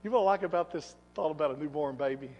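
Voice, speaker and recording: Preaching in a church sanctuary, a high-voiced pastor speaks in rapid-fire bursts, swinging emphatically between loud exhortation and quiet asides. The audio is dull, and the hall leaves a long reverberant tail on his words.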